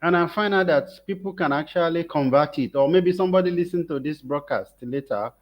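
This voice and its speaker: A man's voice: fairly high pitch, a little fast. A man hosting a casual interview and asking loose, searching questions. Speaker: host. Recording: muffled lo-fi sound.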